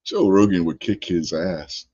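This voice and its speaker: Deep-voiced man chuckling through podcast banter. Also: unhurried, a little mellow, slightly rough, dry recording, dull audio. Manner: chuckling, anecdotal, addresses viewers. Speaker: podcast co-host. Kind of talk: casual podcast chat.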